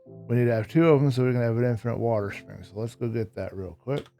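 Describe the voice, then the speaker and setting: A man's voice: mid-range voice, fast, gravelly, mellow, soft background music. A man giving casual Minecraft gameplay commentary, a little tired and yawning, who likes to explain each step as he builds. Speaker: Minecraft YouTuber.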